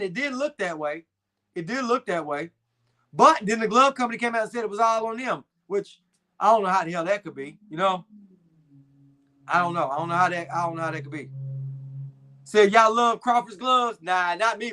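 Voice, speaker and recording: A young adult man hosts a live stream in a high, bright voice with a forceful tone. He reads viewer comments and chats casually, keeping the banter laid-back and slangy, with frequent fillers.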